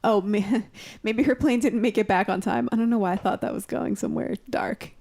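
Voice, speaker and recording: A woman's voice: medium pitch, a little fast, warm tone. A woman reading a children's book aloud on a podcast, breaking off into laughing, swearing asides. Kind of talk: casual podcast reading and chat.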